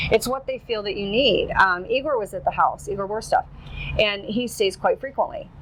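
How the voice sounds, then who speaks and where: A chatty middle-aged woman tells a long anecdote in an easygoing, animated way. Her voice sits at an ordinary pitch for a woman. A faint hiss runs under the recording. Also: moderate pace, poor audio. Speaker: guest, Bigfoot researcher. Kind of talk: casual storytelling.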